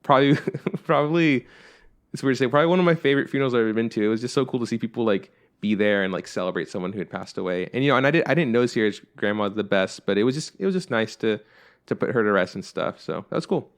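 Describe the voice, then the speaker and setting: A man's voice: medium pitch, lively intonation, fast talker. A young man co-hosting a podcast, chatting casually in a rambling way with plenty of fillers. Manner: rambling, heavy on fillers like "like" and "you know". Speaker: podcast co-host. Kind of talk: casual chat.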